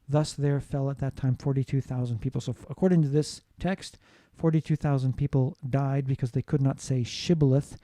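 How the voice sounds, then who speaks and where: Dark-voiced man giving a phonetics lecture. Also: medium pitch, dry recording. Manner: explanatory, checks in with "right?". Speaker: teacher. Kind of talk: recorded lecture.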